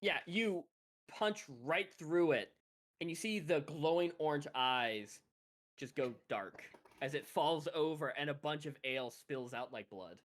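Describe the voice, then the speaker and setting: A man's voice: on the high side, lively intonation, measured pace, fairly bright tone. A man running a tabletop game as game master, narrating casually with chuckles and hesitant fillers.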